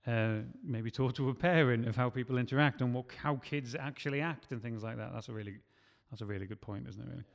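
A man's voice: mid-range voice, quick pace, gravelly, few pauses, long reverb tail. A man, a scriptwriter, talking casually and rambling with many restarts. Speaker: scriptwriter and podcast host. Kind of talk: casual chat.

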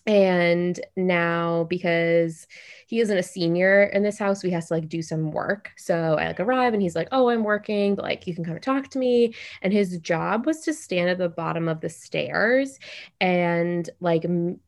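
Chatty young woman, lower pitch. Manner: animated, fast, heavy use of "like". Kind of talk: casual storytelling chat.

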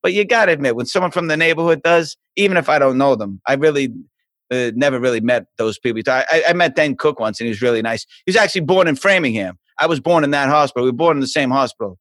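A man's voice: quick pace, no room sound. A man in his fifties with a Boston accent, a guest telling stories in a casual remote interview. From South Boston, USA. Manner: animated storyteller, jumps into higher pitch. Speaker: podcast guest, TV host. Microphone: remote call mic.

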